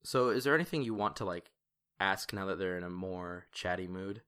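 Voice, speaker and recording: A man's voice: deep voice, a little fast, a bit bright, clean tone. Chatty man running a tabletop game. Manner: loose, chatty, laughs often, many fillers. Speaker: game master.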